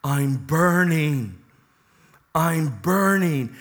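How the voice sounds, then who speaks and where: A preacher voicing a dying old man who curses and then cries out in slow, drawn-out terror. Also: a little high, expressive, a bit bright, full character voice. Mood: terrified.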